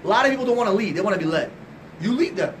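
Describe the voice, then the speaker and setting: A high-pitched man coaching a room of salespeople, talking fast, loud and passionate, swearing freely and peppering the group with rhetorical questions. He sounds a bit far from the mic, with a faint hiss behind him. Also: expressive. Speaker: sales trainer. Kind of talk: motivational sales talk to a group.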